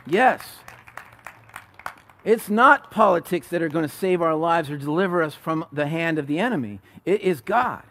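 A man preaching a sermon as pastor, conversational, rising to loud emphatic peaks and dropping to soft low asides. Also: a little fast, hardly any pauses.

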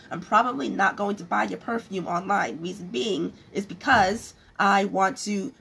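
A woman's voice: mid-range voice, vocal fry, fairly bright tone, slightly rough. A woman losing her voice, talking frankly to camera about business, rambling with many restarts. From California. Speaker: vlogger giving business advice. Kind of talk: casual talk to camera.

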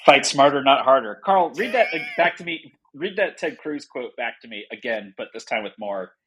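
A man's voice: mid-range voice, very animated, normal speed, fairly bright tone. A man co-hosting a podcast in casual chat, jokey and teasing, laughing easily. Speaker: podcast co-host.

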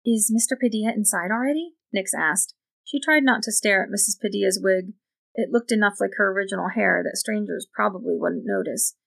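Gravelly woman narrating an audiobook. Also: medium pitch, brisk, fairly bright tone.

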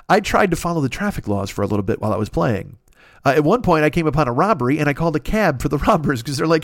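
A man's voice: a little high, big pitch swings, very fast, no room sound, studio quality. A man hosting a podcast, riffing in a profane, exaggerated comic rant about his stomach troubles. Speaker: podcast host. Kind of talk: casual comedic rant.

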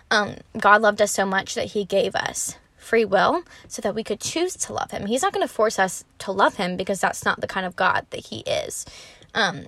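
A woman's voice: medium pitch, vocal fry, no room sound. A young woman talking casually and earnestly about her Christian faith, chatty, with many fillers like "um" and "like". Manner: animated when retelling conversations. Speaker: Christian vlogger. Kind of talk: casual faith talk to camera.

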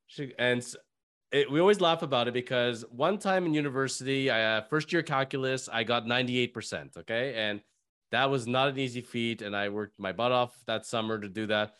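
A man hosting a podcast, chatting casually and telling animated anecdotes. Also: mid-range voice, brisk, smooth. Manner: animated anecdote teller, voices his mom in quotes. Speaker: podcast host.

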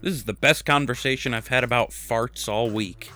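A man's voice: mid-range voice, moderate pace, bright, forceful tone, soft background music. A man in his thirties hosting a podcast, talking bluntly and joking with some swearing. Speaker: podcast host. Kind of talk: casual chat and game news.

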